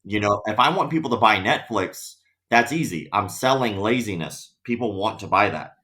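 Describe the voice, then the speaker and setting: A man's voice: lowish voice, moderate pace. A man, a podcast guest chatting casually and acting out people in his stories. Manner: animated storyteller, acts out quoted voices. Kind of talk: casual interview chat.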